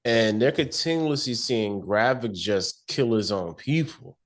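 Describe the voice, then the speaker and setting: A man co-hosting a casual podcast episode review, relaxed and slangy, thinking aloud with lots of fillers. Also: fairly low pitch, measured pace. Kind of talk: casual chat.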